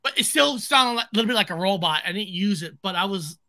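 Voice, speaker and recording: A man co-hosting a casual chat, excited and stumbling over repeated words. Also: sits high, fast talker. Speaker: podcast co-host.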